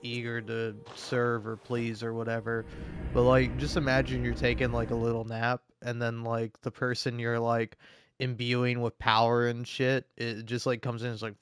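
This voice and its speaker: A man rambles through gameplay commentary, sarcastic and swearing freely as he talks to himself. His voice sits at an ordinary middle pitch. Steady background noise runs under the recording. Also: normal speed. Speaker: gaming video creator.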